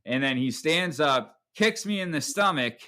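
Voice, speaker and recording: A man's voice: a little high, lively intonation, measured pace, sharp tone. A man hosting a podcast, telling a story casually and profanely, tagging lines with "right?". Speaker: podcast host.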